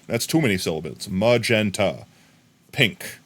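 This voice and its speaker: Male streamer, goofy rambling chatter, bouncy animated pitch, faint hiss behind. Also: normal speed. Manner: goofy, rambling riffing on silly words. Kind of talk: casual live-stream chatter while gaming.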